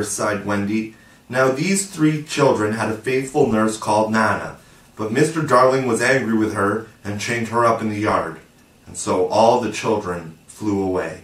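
Man reading an audiobook, roomy sound. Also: fairly low pitch. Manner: measured, storytelling. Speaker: audiobook narrator. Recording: roomy, distant mic.

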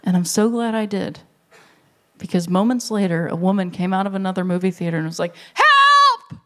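A stand-up comic in their thirties telling a long story on a live stage, briefly acting out the people in it with quick voices. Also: medium pitch, steady tone, warm tone. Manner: storytelling, acts out characters in quick bursts. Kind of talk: stand-up comedy set. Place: live stage before an audience. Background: audience laughter.

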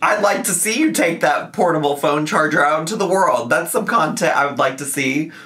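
A man's voice: fairly high pitch, a little fast, sharp tone. A man hosting a reaction commentary, teasing and sarcastic, often laughing at what he watches. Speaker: commentary host.

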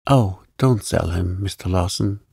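A man voicing a timid twelve-year-old orphan boy who pleads in a choked voice, in a calm bedtime story reading. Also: low voice, unhurried, gravelly, husky, no room sound, studio quality, exaggerated voice. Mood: pleading.

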